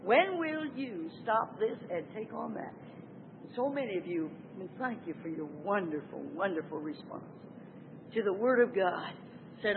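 A woman preaching a sermon, emphatic, swinging from loud exclamations to hushed asides. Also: mid-range voice. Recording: tinny phone-like sound with faint noise.

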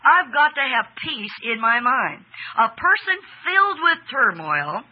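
A woman's voice: fairly high pitch, sing-song, lo-fi sound. A woman preaching a sermon, stretching key words for emphasis and putting questions to her listeners. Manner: emphatic, drawn-out stresses, asks audience questions. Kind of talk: sermon with audience exchange.

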